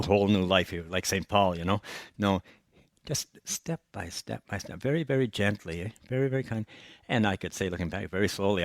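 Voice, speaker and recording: An older man, a priest giving a gentle, folksy personal testimony that is often broken by soft chuckles. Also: sits low, no echo, clean studio sound.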